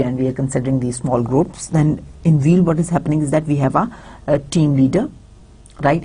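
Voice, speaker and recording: Low gravelly woman lecturing. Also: dark tone. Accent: Pakistani English. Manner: hesitant, many fillers and restarts. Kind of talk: recorded university lecture over slides.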